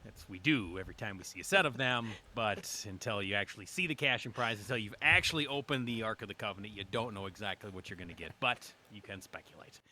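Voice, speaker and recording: Bright-voiced joking man podcast co-host. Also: on the low side, quick pace, few pauses, a little hiss or hum. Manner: teasing, joking banter. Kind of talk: casual podcast chat.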